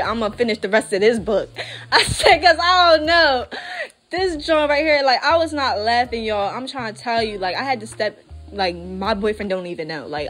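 A young woman vlogger chats to her viewers in a loose, casual way, piling on fillers and asides. Her voice sits at an ordinary middle pitch. Soft music plays quietly underneath. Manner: chatty, lots of fillers, addresses viewers as y'all. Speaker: nail art vlogger. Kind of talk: casual chat while working.

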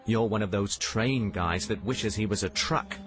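A man voicing a grumpy, bigoted male engine car who talks gruffly, with music behind him. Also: on the low side, a little slow, close to an everyday voice. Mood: grumbling. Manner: gruff, grumbling.

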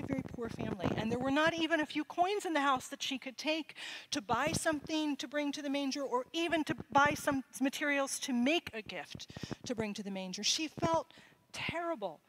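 A woman telling a legend to children during a church service, expressive and inviting them to join in. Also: sits high, slight background noise, poor audio. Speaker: children's sermon storyteller. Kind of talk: telling a story to children in worship. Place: church sanctuary.

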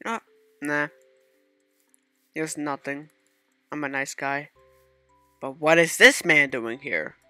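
A man's voice: fairly high pitch, takes it slowly, pauses often, no echo, faint music behind. A man giving casual gameplay commentary, talking to himself and bursting into startled outbursts. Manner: excitable self-talk with sudden startled outbursts. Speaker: gaming channel host.

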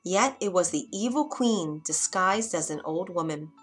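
A woman narrating a fairy tale for children, expressive with dramatic pauses. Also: lowish voice, husky, faint music behind. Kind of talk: scripted storybook narration.

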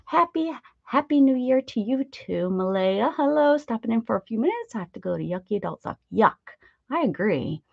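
A chatty woman greets viewers one by one on her art livestream, playful and quick to laugh. The sound is dull and dry, close and slightly muffled. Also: fairly high pitch, sing-song, vocal fry, slightly rough, no room sound. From United States. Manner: chatty and playful, laughs often, sings short welcome jingles. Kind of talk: casual chat greeting viewers.

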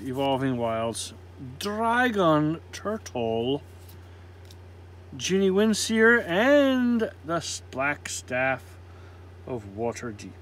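This man cracks open trading card packs and reads off each card's name in a voice on the high side with a fairly bright tone. He chats casually and pokes fun at himself. Slight background noise can be heard.

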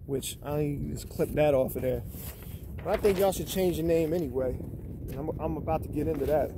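Guy with a high voice reading bible verses and going off on people, keeps saying man and bro, traffic noise behind. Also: fairly quick. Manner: accusatory, calls people out, tags lines with "man" and "bro". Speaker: vlogger reading scripture. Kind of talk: casual confrontational rant with scripture reading. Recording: noisy background with passing vehicles.

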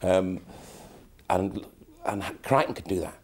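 A man in an interview, a writer explaining a character in a hesitant, halting way. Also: low voice, husky.

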